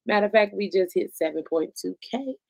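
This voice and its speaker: A woman's voice: mid-range voice, lively intonation, brisk, vocal fry, a little mellow, no echo. A woman co-hosting a podcast in loose, blunt casual chat, swearing freely and laughing often. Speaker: podcast co-host.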